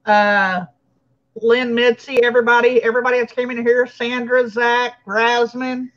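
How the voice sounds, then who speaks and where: A woman's voice: fairly high pitch, level tone, moderate pace. A woman hosting a casual livestream, chatting and thanking viewers by name. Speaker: livestream host. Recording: lo-fi stream audio.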